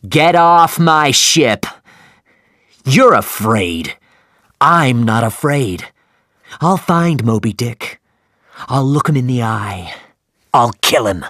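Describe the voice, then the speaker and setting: A man voicing a fierce, obsessed old sea captain who shouts his commands in an audiobook. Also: medium pitch, big pitch swings, slow, long pauses, dry recording, studio quality, heavily acted. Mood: furious. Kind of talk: audiobook character voice.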